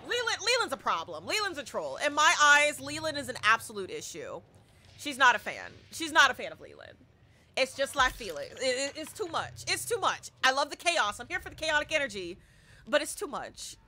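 A woman live-streaming a horror game, talking to her chat with loud, excitable, dramatic reactions. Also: high voice. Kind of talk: live gameplay commentary with chat.

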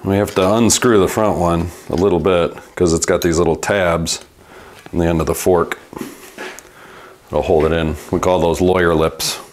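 A man with a Midwestern accent, a bike mechanic narrating his repair work in a relaxed, matter-of-fact way as he goes. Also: sits low, normal speed, slight background noise. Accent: Midwestern American. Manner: talks through each repair step aloud, relaxed and matter-of-fact. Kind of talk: casual workshop narration.

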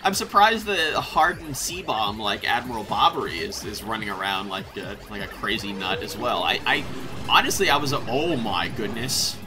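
A man hosting a casual let's play, rambling and excitable, often breaking into laughter. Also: on the low side, normal speed, over music. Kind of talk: casual gameplay commentary.

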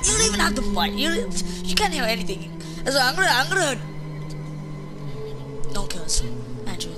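A woman's voice: high-pitched, big pitch swings, normal speed. A woman casually commenting on a horror game she is playing, joking and mocking the characters. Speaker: let's play gamer. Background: game music.

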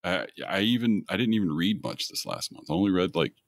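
A man with a very low voice that still swings widely as he tells stories on a podcast. He talks casually, swears often and laughs along. The recording is close and dry. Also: a little fast, creaky, dry recording. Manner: profane, laughing, animated storyteller. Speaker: podcast co-host, show editor. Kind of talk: casual chat.

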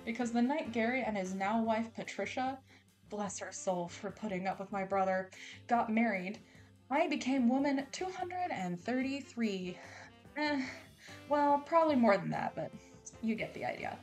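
A woman's voice: a little high, animated, normal speed, darkish tone, faint music behind. A woman reading a romance novel aloud in a dramatic, casual style with playful, sarcastic asides. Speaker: audiobook reader.

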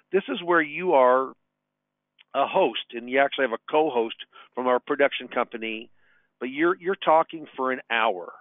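A man's voice: medium pitch, no echo. Upbeat man over a tinny phone line. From Nebraska, US. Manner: upbeat, repeats words. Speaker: financial advisor and radio show host. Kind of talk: casual webinar talk.

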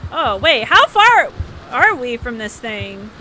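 A woman livestreaming herself playing a game with a friend, chatty and excitable, laughing and yelping often. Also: a little high, slow pace, a little hiss or hum. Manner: giggly, excitable, frequent laughs and yelps. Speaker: livestream host. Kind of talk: casual gameplay chat.

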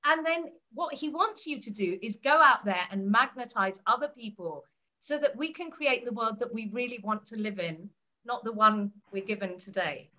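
High, bright-voiced woman presenting. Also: lively intonation, normal speed. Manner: storytelling, explains ideas step by step. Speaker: co-author at a book launch. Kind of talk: book launch talk.

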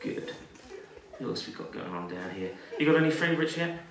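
A man working as a stage hypnotist in a live show, giving calm suggestions to volunteers and breaking into loud playful commands. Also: on the low side, quick pace, gravelly. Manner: soothing commands switching to loud playful outbursts. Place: large hall with a live audience. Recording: echoey hall from far off, audience noise. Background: laughing audience.

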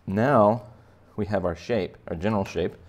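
A man's voice: fairly low pitch, moderate pace, a little mellow. A man giving a playful, chatty step-by-step drawing lesson for kids. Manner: playful, chatty, talks to children directly. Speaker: art teacher.

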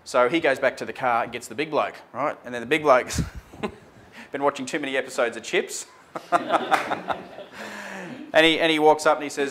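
Speaking at normal speed with long pauses, a man in a mid-range, slightly bright voice recounts a run-in with police on air. He acts out the traffic-stop dialogue conversationally, dropping plenty of ums and "mate".

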